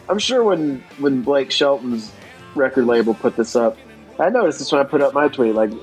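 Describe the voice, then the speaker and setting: A man's voice: mid-range voice, animated, normal speed, faint music behind, low-quality recording. A man co-hosting a comedy podcast, riffing sarcastically on comments with jokey put-on voices. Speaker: podcast co-host. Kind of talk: casual comedic chat.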